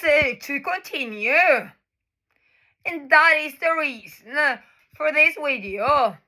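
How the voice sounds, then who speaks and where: A woman's voice: high voice, bright, forceful tone. A woman in her thirties, a native Norwegian speaker from Norway, talking in a personal video monologue. She is emphatic and profane and repeats herself, with frequent filler sounds. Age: 30s. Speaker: vlogger.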